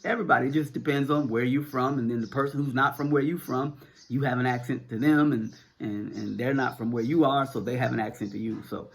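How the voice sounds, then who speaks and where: A middle-aged man from the United States with a Northern American accent talks casually to his viewers. His voice is gravelly and a bit husky. He rambles, restarts his sentences and fills the gaps with "uh" and "um". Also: mid-range voice, fairly even intonation, a little fast. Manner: rambling, repeats words, many fillers. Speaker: vlogger answering viewer questions. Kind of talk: casual to-camera talk.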